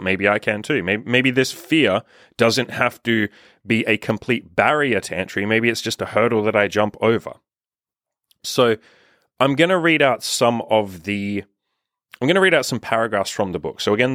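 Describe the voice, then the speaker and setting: A man's voice: lowish voice, fairly bright tone, dry recording, studio quality. A young man coaching on dating, talking bluntly with frequent swearing and reading passages aloud from a book. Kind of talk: motivational monologue with book reading.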